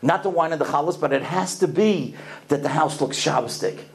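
A man telling stories in a talk, animated and often repeating his words as he starts a sentence. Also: fairly high pitch, a little fast, gravelly. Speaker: speaker telling religious stories. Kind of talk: anecdotal storytelling talk.

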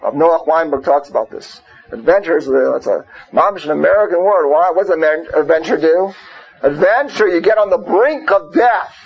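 A man's voice: fairly high pitch, moderate pace, breathy edge. A man teaching an informal Torah class, talking conversationally, peppering his points with rhetorical questions and Hebrew and Yiddish terms. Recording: muffled lo-fi recording.

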